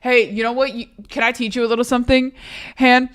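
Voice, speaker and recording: A woman's voice: on the high side, steady tone, quick pace, fairly bright tone, clean tone. A woman streamer talking casually with her chat, rambling and joking, with frequent swearing. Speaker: live streamer.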